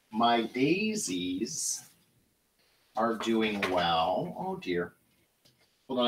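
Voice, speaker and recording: A man's voice: medium pitch, fairly bright tone, slight background noise, poor audio. A middle-aged man from Michigan hosting a live flower-arranging show, chatting to viewers as he works. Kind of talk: casual live demonstration.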